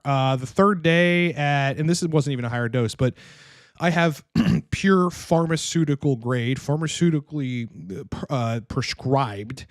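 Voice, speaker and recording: A man's voice: medium pitch, no echo, studio quality. A man coaching on fitness, answering audience questions in a casual monologue, blunt and profane and rambling with frequent restarts.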